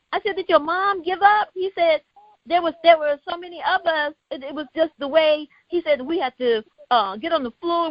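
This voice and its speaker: A woman's voice: high-pitched, dry recording. A woman hosting a casual discussion, telling a long personal story and acting out the dialogue of the people in it. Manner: storytelling, animated, quotes others in dialogue. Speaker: host. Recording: dull lo-fi sound.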